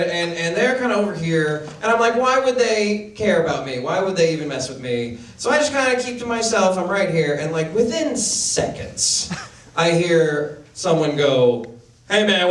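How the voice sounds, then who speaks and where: A man's voice: sits high, a bit bright. A man doing a stand-up comedy set, telling a self-deprecating story with acted-out inner thoughts. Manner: storytelling, self-deprecating, acts out his own panicked inner voice. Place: comedy venue with live audience. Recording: roomy, distant camera audio with noise. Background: audience laughter.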